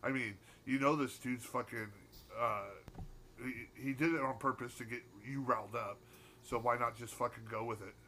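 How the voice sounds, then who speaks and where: Male podcast co-host, mid-pitched, hesitant, rambling and profane, faint noise behind. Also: steady tone, moderate pace, pushed and bright. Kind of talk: casual chat.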